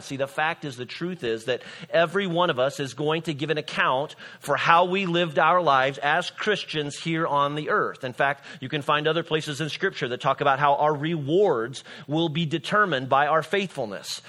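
A man's voice: fairly high pitch, moderate pace, few pauses, sharp tone. A middle-aged man from Illinois, a pastor preaching a sermon in a conversational storytelling way with frequent "all right?" asides.

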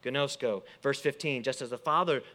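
A man preaching a sermon, quoting scripture and explaining it with lively emphasis that rises and falls. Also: medium pitch, moderate pace. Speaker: pastor.

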